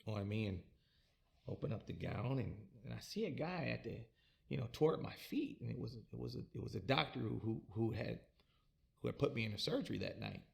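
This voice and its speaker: A man telling his own life story in a halting, repetitive way, often restarting his words. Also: lowish voice, gravelly. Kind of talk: personal storytelling.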